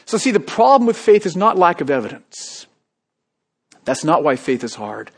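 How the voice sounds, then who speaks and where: A man preaching a sermon, moving between hushed, quiet passages and loud, emphatic calls to the congregation. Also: a little high, big pitch swings, normal speed, husky. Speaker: pastor.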